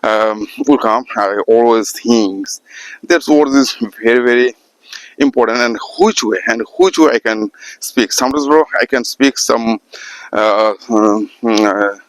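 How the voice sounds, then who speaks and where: Man, halting broken English, many pauses, art teacher, dry close sound. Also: medium pitch, dry recording, poor audio. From Assam, India. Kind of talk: casual spoken talk to camera.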